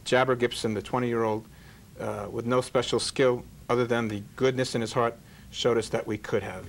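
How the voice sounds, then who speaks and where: A man's voice: mid-range voice, steady tone, normal speed, gravelly, a little hiss or hum. A man who is a rabbi hosting an interview show, telling jokes and parables in a folksy, sermon-like way. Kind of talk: sermon-like storytelling monologue.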